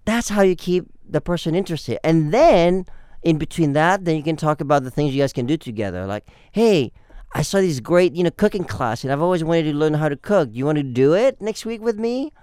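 Young male dating coach, playful and animated, clean dry close sound. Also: a little high, fairly quick, clear, resonant tone, dry recording. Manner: animated, acts out phone calls with playful voices. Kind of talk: casual podcast advice.

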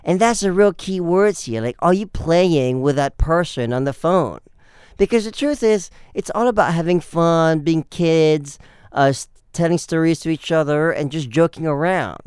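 A man's voice: a little high, moderate pace, darkish tone, smooth, no echo, clean studio sound. A young man, a dating coach, giving casual advice on a podcast and acting out phone calls in playful voices.

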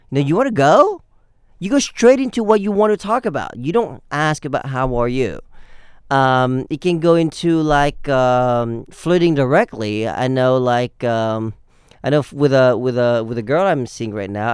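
Animated man giving dating advice. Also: fairly high pitch, smooth, dry recording, studio quality. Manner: animated, acts out phone calls with playful voices. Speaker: dating coach. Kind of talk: casual podcast advice.

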